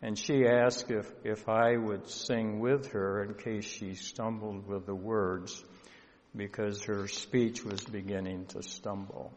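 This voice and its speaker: Man, pastor, sermon storytelling, unhurried, earnest, long hall reverb. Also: lowish voice, fairly even intonation. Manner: slow, earnest storytelling with emotional swells.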